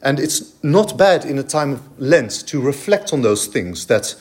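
Lively, emphatic male preacher. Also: medium pitch, a little slow. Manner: lively, emphatic preaching with frequent fillers and restarts. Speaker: pastor. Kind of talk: sermon.

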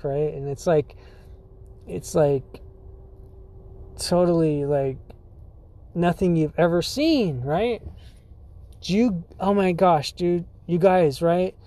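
Rambling high-voiced podcast guy. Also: mellow. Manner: rambling, full of likes, dudes and swearing; laughs often. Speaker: podcast host. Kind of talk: casual storytelling.

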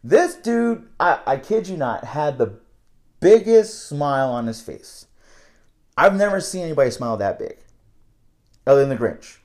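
A man's voice: on the high side, big pitch swings, moderate pace, pauses often, darkish tone. A young man telling a casual, candid story about his night-shift work, rambling and swearing freely.

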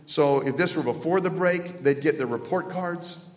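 A man preaching a sermon, telling stories with feeling, from loud exclamations down to hushed near-whispers. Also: on the high side, moderate pace. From North Carolina. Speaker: pastor. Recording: echoey hall with long reverb.

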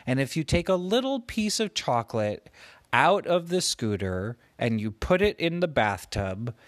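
A man slowly making up a gentle bedtime story for his child, with playful voices for the characters. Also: mid-range voice, no echo. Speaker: parent telling a bedtime story.

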